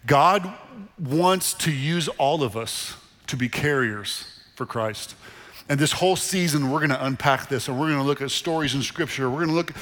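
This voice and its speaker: Pastor preaching in an echoing hall. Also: male voice, on the high side, moderate pace. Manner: animated, conversational preaching with repeated phrases. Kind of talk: sermon. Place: church sanctuary. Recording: long reverb of a large hall. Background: congregation in the room.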